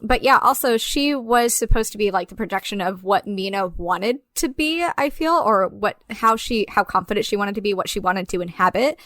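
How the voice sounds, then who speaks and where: A woman co-hosting a casual film podcast, animated and quick to swear and laugh. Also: mid-range voice, no room sound, studio quality. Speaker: podcast co-host.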